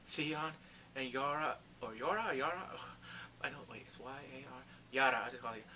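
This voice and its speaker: A man giving a casual, excitable recap of a TV episode, talking in slang and acting out characters in quick asides. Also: medium pitch, slight background noise. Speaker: TV recap vlogger.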